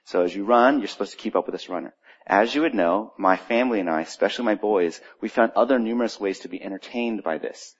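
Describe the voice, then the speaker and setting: A middle-aged man preaching in church, opening with a quiet prayer, then telling a story in a conversational, animated way. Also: lowish voice, fast, breathy edge. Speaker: pastor. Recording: dull lo-fi church recording.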